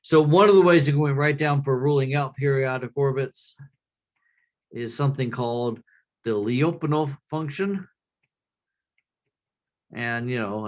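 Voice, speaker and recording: A man with a medium-pitched voice gives a relaxed, conversational classroom lecture, often checking in with students by asking "right?".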